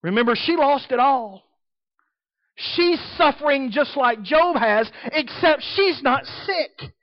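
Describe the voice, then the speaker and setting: A man's voice: extremely high pitch, lively intonation, takes it slowly, no echo. Give me a male preacher delivering an emphatic sermon on a dry, dull recording. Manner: emphatic, swinging between soft and loud.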